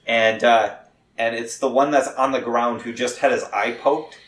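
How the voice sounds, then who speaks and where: A man running a tabletop game as game master, narrating haltingly with many fillers and restarts. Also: medium pitch, fairly even intonation, fairly bright tone, a little hiss or hum. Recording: echoey room.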